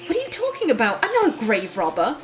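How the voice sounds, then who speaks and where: Earnest young heroine, read by a woman, quiet and reflective, over game music. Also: fairly high pitch, wildly swooping pitch, quick pace. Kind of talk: voiced game reading.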